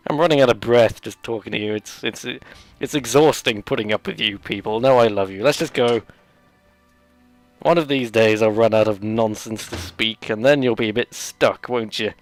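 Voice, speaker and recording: Rambling, sarcastic male let's play host. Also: medium pitch. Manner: rambling, sarcastic, jokey asides. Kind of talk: gameplay commentary.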